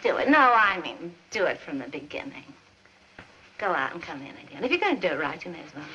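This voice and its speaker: A woman's voice: fairly low pitch, very animated, fast, pushed and bright. An actress playing a playful wife who coaxes her husband through a pretend scene, in 1940s screwball film style, on a dull old soundtrack with hiss. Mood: playful coaxing. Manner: teasing, insistent, directs her husband.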